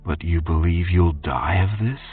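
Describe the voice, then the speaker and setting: A man's voice: deep voice, a little slow, slightly rough. A man voicing a worried, protective young man who presses with earnest questions in an audiobook, over faint music. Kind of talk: audiobook character voice. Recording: distant tinny phone-like sound, faint music.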